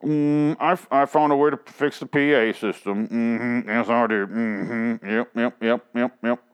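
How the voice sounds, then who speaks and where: A man's voice: medium pitch, fairly even intonation, smooth, natural voice. A man voicing an awkward, nerdy male TV character who stammers and halts. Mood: smug. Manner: halting, stammering delivery.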